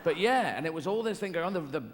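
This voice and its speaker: A man's voice: fairly high pitch, expressive, fast talker, long reverb tail. A man doing a rambling, whimsical stand-up comedy routine on a theatre stage, now and then slipping into silly voices. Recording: live theatre recording with audience noise.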